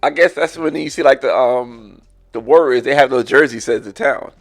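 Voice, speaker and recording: A man co-hosting a podcast, chiming in with quick, amused questions and reactions during a casual chat. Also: mid-range voice, gravelly, faint music behind. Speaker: podcast co-host.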